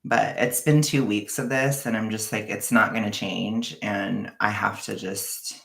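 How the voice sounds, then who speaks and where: A Californian woman vents to her livestream audience in a frank, meandering chat, trailing off between thoughts. Her voice has a gravelly fry and an unhurried pace. The sound carries a noticeable room echo. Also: very deep voice. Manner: rambling, sighing and laughing, frank and frustrated. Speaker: vlogger chatting with a live audience.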